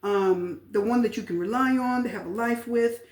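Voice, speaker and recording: A woman giving a casual tarot reading, chatty and repetitive, often pausing with fillers. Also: on the high side, darkish tone. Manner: chatty, repeats phrases, frequent fillers. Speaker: tarot reader. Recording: echoey room with faint noise.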